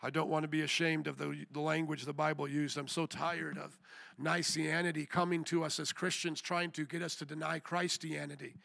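Man preaching, high-pitched, gravelly, bright edge, dry close sound, fiery sermon with shouted questions. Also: little pitch movement, moderate pace, no echo. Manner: shouts questions at the crowd, then drops to quiet prayer. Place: chapel.

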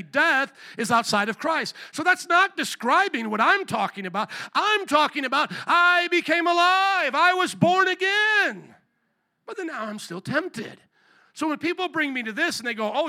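Middle-aged pastor guy preaching, high bright voice, really animated, does little voices for quotes. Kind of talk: sermon.

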